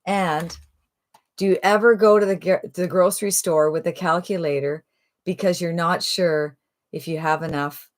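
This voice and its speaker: A woman making a persuasive live sales pitch on a phone livestream, upbeat and full of rhetorical questions. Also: steady tone, moderate pace. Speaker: online marketing presenter.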